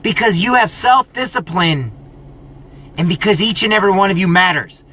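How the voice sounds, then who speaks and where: A man's voice: high-pitched, lively intonation, normal speed, bright, forceful tone, husky. A middle-aged man giving a preachy, scolding motivational pep talk, mocking people's excuses. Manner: preachy, scolding, mocks excuses in whiny voices. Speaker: motivational vlogger.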